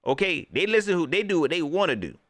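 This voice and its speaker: A man rants as a sports fan host on a livestream, his fairly high voice leaping from loud exclamations to low mutters. He talks in loose colloquial speech and mocks coaches in put-on voices. The sound is close and dry. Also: quick pace, no room sound. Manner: animated, swinging between loud outbursts and low mutters; Southern colloquial speech, mocking impressions of coaches. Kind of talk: casual fan commentary to a livestream.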